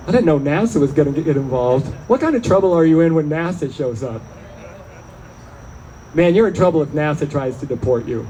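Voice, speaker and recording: Man comic working a club set, wry and chatty, high-pitched, crickets faint behind. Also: mellow, a little hiss or hum, poor audio. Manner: chatty, wry, riffing with the crowd. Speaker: stand-up comedian. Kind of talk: stand-up set. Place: small bar or club, live show.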